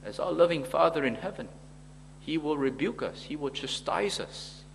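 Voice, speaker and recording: A man's voice: on the high side, animated, moderate pace, creaky, slight background noise. A man preaching a sermon, earnest and rhetorical, asking the congregation questions and now and then stumbling on fillers.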